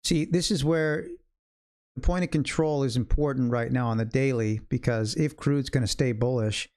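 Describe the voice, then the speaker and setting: A man hosts a live day trading stream, teaching as he goes and thinking aloud in loose, chatty sentences aimed directly at viewers in the chat. His voice is medium-pitched and a little mellow, at a moderate pace.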